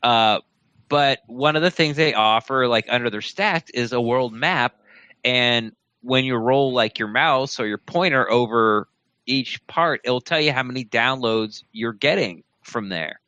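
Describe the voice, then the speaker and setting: Co-host, male, bright forward voice, chatty and jokey, dry close recording. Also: mid-range voice, measured pace, clean tone, no room sound, dull audio. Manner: chatty, laughs often, jokey asides. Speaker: podcast co-host. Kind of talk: casual fan podcast chat.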